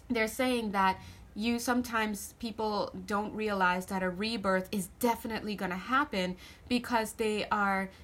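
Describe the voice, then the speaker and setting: A woman talks to camera through a casual tarot reading. She is chatty and playful, cracking jokes for her viewers and breaking off mid-sentence to rephrase. Her voice sits at an ordinary middle pitch. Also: fairly bright tone. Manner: chatty, self-correcting, joking with viewers. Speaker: tarot reader.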